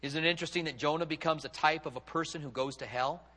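A man's voice: on the high side, quick pace, pushed and bright. A male pastor preaching a sermon, acting out quotes with big dramatic swings in his voice. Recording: long hall reverb.

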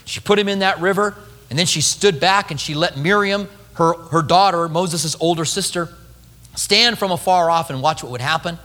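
A male pastor preaching a sermon, telling a story with lively acted-out quotes. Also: fairly high pitch, moderate pace, long reverb tail.

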